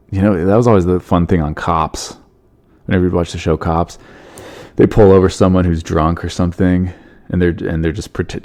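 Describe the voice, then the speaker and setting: Low, gravelly, and a little mellow, this man's voice hosts a comedy podcast where he reads strange news items. He tosses in wry jokes and chuckles at his own bits.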